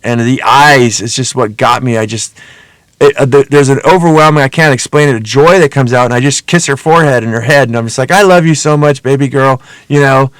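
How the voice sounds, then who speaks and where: A man's voice: mid-range voice, a little fast, a bit bright, no room sound. Earnest rambling man, dry close sound. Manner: rambling, heavy swearing, earnest. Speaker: podcast host. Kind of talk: casual reflective monologue.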